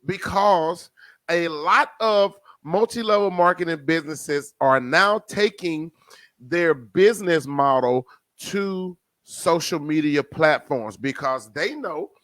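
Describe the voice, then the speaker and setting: A man with a New Jersey accent hosting a casual podcast, addressing listeners as family and swinging between loud and soft. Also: fairly high pitch, takes it slowly, dry recording. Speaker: podcast host.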